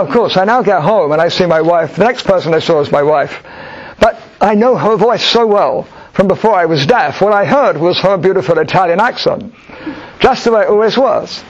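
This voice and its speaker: Middle-aged man, husky voice, thoughtful storytelling at a Q&A, restarts often, muffled lo-fi sound. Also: high-pitched, lively intonation. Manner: thoughtful, halting restarts, explanatory. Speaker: speaker answering audience questions. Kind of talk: storytelling Q&A talk. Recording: dull lo-fi recording.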